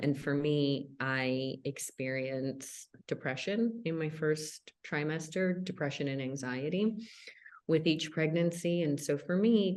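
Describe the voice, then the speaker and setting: Woman podcast host, very deep voice, slow, hesitant, many ums and restarts. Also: a little mellow. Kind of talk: casual interview chat.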